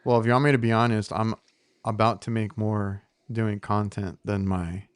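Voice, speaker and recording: An American man in the trade chats on a podcast in a low, smooth voice. The sound is close and dry, with no room around it. He rambles and restarts as he thinks aloud. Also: flat delivery, normal speed, no room sound. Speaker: podcast co-host, HVAC technician. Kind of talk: casual chat.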